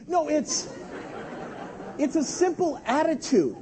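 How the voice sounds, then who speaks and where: A man in his thirties preaching a sermon, telling a family story with animated delivery and acted-out shouts. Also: very high voice, unhurried, pauses often. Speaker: pastor.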